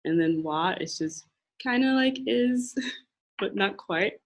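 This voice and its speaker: A young woman presenting a classroom lesson, speaking patiently and repeating phrases slowly for learners. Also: medium pitch, expressive. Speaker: language and culture presenter. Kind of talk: classroom teaching.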